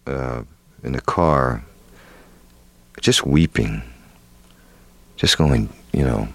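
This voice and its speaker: A middle-aged actor telling an interviewer a candid story, halting with fillers and restarts. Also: male voice, very deep voice, husky, no room sound. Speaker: actor guest.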